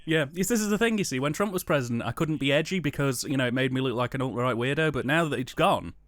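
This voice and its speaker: A man's voice: medium pitch, animated, quick pace, a bit bright. A man co-hosting a film commentary, talking in a playful, ironic way and laughing often. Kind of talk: joking film commentary chat.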